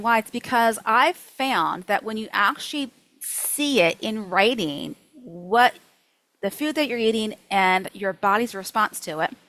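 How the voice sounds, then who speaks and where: A woman nutrition coach teaching a workshop in a lively, chatty way, acting out her own thoughts. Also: a little high, no room sound, low-quality recording.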